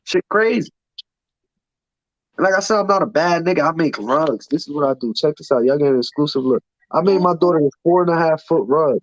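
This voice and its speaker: A man's voice: on the high side, lively intonation, brisk, dry recording. Blunt, profane man with a raised voice. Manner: blunt, profane, heated storytelling. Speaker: podcast guest. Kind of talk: casual storytelling chat. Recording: dull, dry lo-fi sound.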